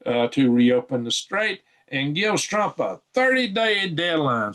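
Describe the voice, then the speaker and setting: A man at his home computer talks through news stories for his channel. His voice sits at an ordinary middle pitch. He rambles, chuckles to himself and thinks out loud between articles. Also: sing-song, unhurried, hardly any pauses. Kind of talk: casual screen-share news commentary.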